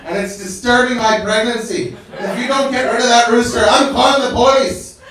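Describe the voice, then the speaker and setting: A comedian playing an angry pregnant woman neighbor, shouting slowly in a high voice. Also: steady tone, a crowd in the background. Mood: furious. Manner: slow furious shouting, high-pitched. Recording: echoey hall, distant mic, audience.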